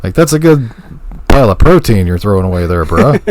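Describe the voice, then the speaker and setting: A man's voice: fairly low pitch, big pitch swings, fairly quick, a little mellow. A young man co-hosting a podcast in casual chat, joking crudely and acting out quotes. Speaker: podcast co-host.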